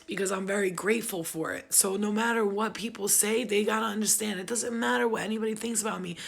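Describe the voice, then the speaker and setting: Husky, gravelly New woman storyteller. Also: medium pitch, quick pace. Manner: blunt, profane, emphatic. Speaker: live streamer telling her story. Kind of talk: casual unscripted storytelling.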